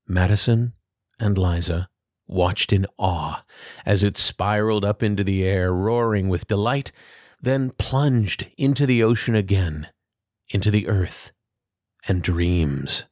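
A man reads a children's storybook aloud in a calm, measured way. His voice is fairly low and he takes his time over every phrase. The recording is dry and close, with no room sound. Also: dry recording. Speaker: narrator. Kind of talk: storybook reading.

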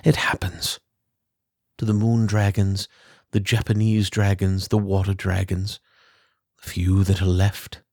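A weeping, hooded boogeyman speaks in a slow, mournful storybook voice, as a man reads him. His voice is low and unhurried, with a dry, close sound and no room around it. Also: completely flat delivery, darkish tone, no room sound. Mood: sorrowful.

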